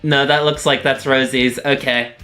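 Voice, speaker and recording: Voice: mid-range voice, little pitch movement, moderate pace, bright, forceful tone, faint music behind. A streamer giving giggly, chatty live commentary. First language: not American.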